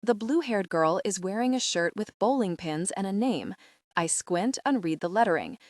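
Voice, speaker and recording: A woman narrating a young adult audiobook in the first person, steady and even. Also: medium pitch, normal speed, no room sound, studio quality.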